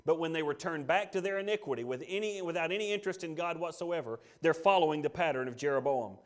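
A man preaching a sermon, emphatic, swinging between loud declarations and hushed asides, and reading scripture aloud. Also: on the high side, fast. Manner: reads scripture aloud, voices God in quotes. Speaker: pastor.

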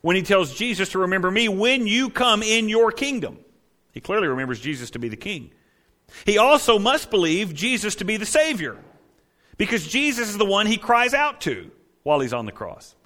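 A man preaching a sermon as pastor, conversational and emphatic, often checking in with his listeners and swinging between loud declarations and hushed asides. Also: high-pitched, big pitch swings, normal speed.

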